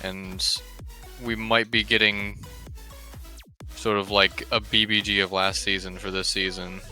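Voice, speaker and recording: A man on a podcast panel giving quick opinions. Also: on the low side, little pitch movement, bright, forceful tone, faint music behind. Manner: quick, with short laughs. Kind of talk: casual podcast chat.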